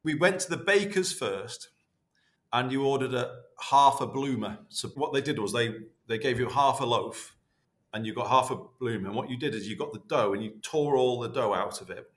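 A man, chatting warmly and rambling as a podcast guest, full of restarts. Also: mid-range voice, moderate pace. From North West England. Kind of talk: casual interview reminiscing.

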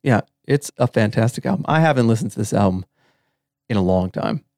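A man with a lowish, expressive, creaky and slightly mellow voice talks fairly quickly in clean, echo-free studio sound. Co-hosting a podcast over a video call, he chats in a relaxed, rambling way full of filler words.

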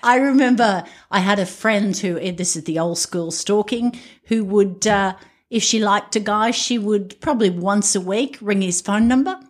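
A woman's voice: medium pitch, normal speed. A middle-aged woman co-hosting a podcast, telling stories in casual chat and laughing often. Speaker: podcast co-host.

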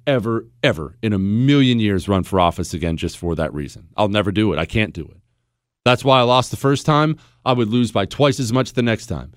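Blunt, animated talk radio host, man. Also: medium pitch, no echo, studio quality. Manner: blunt, emphatic, sarcastic, mocking voices. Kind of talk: opinionated talk radio monologue. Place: radio studio. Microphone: studio microphone.

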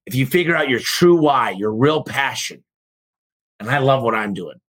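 A man hosting a business podcast in a casual motivational talk. He is excitable, tells stories, jumps high for quoted voices and swears casually. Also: moderate pace, slightly rough. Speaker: podcast host and business owner.

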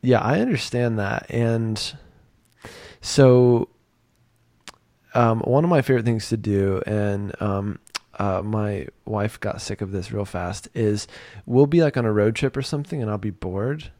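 A man's voice: fairly low pitch, a little slow, dark tone, no room sound. A man hosting a podcast, chatting casually with a friend, joking and often mocking himself. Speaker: podcast host.

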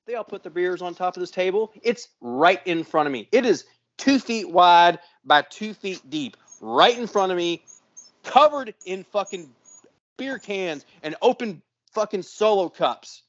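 A man in his forties, a podcast co-host, telling a profane story with lots of swearing and loud sound effects. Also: sits high, lively intonation, unhurried, dry recording, highs cut off. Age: 40s.

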